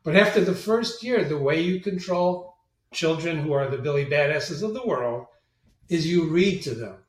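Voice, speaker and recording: Brief: high-pitched man, lively storyteller, roomy sound from off-mic. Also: moderate pace, distant mic. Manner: animated storyteller, acts out quoted voices. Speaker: guest, marketing agency president. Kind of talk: storytelling interview talk.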